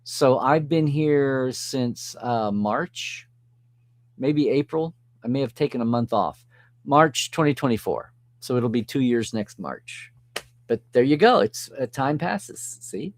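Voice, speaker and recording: A man's voice: mid-range voice, animated, takes it slowly, dry recording. A man hosting a live stream, chatting casually and reading out and answering viewer comments with frequent chuckles. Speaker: host reading live chat.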